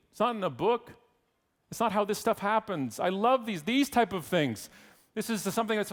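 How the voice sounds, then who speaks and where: A man giving a conference keynote speech, an irreverent, joking storyteller with rapid, animated asides. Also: high-pitched. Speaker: keynote speaker.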